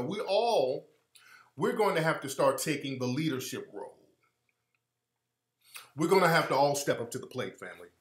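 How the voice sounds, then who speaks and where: A man's voice: medium pitch, a bit bright, reverberant. A man hosting a live stream, giving heated, preachy commentary and repeating his points for emphasis.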